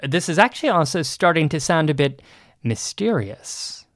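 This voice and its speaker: A man's voice: fairly high pitch, fast talker, fairly bright tone, no room sound, studio quality. A man co-hosting a history podcast, chatting eagerly and bantering with his partner. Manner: upbeat, eager, friendly banter. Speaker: podcast co-host. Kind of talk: casual podcast chat.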